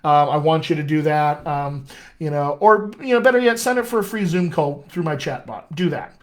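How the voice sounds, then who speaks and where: A man coaching accents on a live stream, reading out questions and answering in a friendly, upbeat way. His voice sits a little high for a man. He keeps the chat loose and conversational. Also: lively intonation, normal speed. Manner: upbeat, chatty, reads viewer questions aloud. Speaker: dialect coach.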